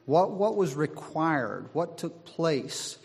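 A man preaching a sermon, slow and deliberate, driving his points home with emphatic repetition. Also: a little high, sing-song, gravelly, slightly rough. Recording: long hall reverb.

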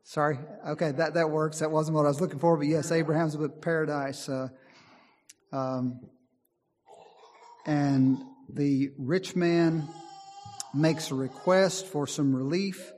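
A man's voice: fairly high pitch, steady tone, moderate pace, a little mellow. A man preaching a sermon in an earnest, emphatic way, often reading scripture aloud. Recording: long hall reverb.

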